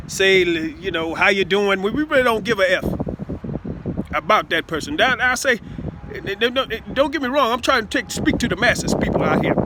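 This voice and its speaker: A man giving a rambling, improvised talk to his listeners, halting with many stammered repeats and asides of "see?". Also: high-pitched, background noise. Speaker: self-styled speaker addressing listeners.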